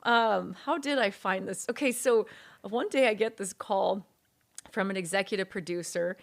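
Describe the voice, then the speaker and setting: A woman's voice: mid-range voice, moderate pace, creaky. A woman court reporter, a guest in a casual interview, telling her story animatedly and acting out the dialogue she quotes.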